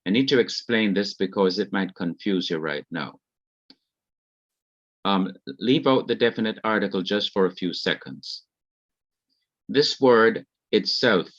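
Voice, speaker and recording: A man teaching a beginner Hebrew class, explaining grammar slowly and repeating each key point. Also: lowish voice, fairly bright tone, dry recording, muffled recording.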